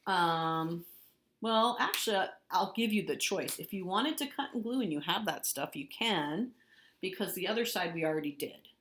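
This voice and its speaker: A woman teacher giving a recorded spelling lesson, patiently repeating words and spelling them out letter by letter. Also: fairly low pitch.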